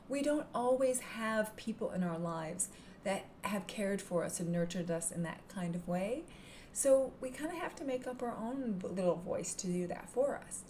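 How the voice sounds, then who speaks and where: A woman teaching hypnotherapy technique in a calm, gentle manner, sometimes dropping into a soft whisper. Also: a little high, a little hiss or hum. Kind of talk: instructional talk to camera.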